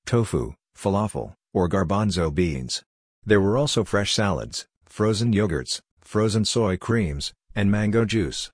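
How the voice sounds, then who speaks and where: A man reading a novel aloud in a measured, even storytelling manner. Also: sits low, husky, dry recording, studio quality. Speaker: audiobook narrator. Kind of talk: scripted narration.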